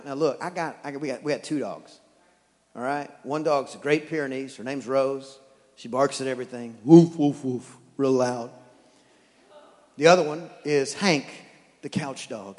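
A man from East Texas with an East Texas accent preaching a sermon as pastor, telling stories with animated, stammering restarts. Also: mid-range voice, long reverb tail. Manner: animated storytelling with repeated restarts.

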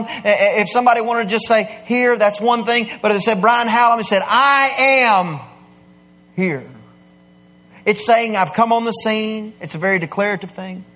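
Man, pastor, high voice, emphatic sermon delivery. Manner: emphatic preaching, swings between soft asides and raised declarations.

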